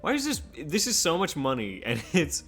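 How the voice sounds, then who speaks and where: A man's voice: on the high side, wildly swooping pitch, normal speed, a bit bright, soft background music. A man playing a video game on stream, joking and swearing casually as he plays. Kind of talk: casual gaming chat.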